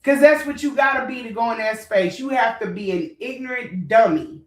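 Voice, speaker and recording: A fired-up woman with a fairly high voice and rants to her viewers. She is blunt and profane, and her emotional telling rings in an echoey room. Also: normal speed, far from the mic. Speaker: vlogger. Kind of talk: heated storytime rant.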